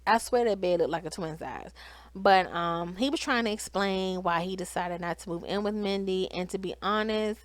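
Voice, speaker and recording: A woman's voice: mid-range voice, moderate pace, no room sound. Chatty woman recapping a reality show. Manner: animated, talks straight to viewers, quotes cast in raised voice.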